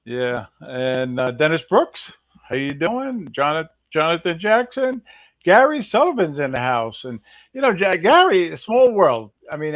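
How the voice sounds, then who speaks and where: A man's voice: on the high side, fairly bright tone, no echo. A man co-hosting a livestream, greeting viewers one after another in an upbeat way. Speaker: co-host. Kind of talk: casual livestream chat.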